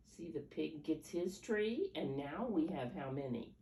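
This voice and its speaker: Her deep, gravelly, mellow voice has lively intonation and an unhurried pace with few pauses. An older woman storyteller for preschoolers, she reads picture books in a coaxing, teacherly way, counting and asking questions, captured from a distance with roomy echo and faint hum.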